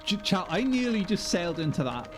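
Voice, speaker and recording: A man's voice: high voice, sing-song, a little fast, music in the background. A man streaming a game live, joking, swearing freely and laughing often. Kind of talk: live gameplay commentary.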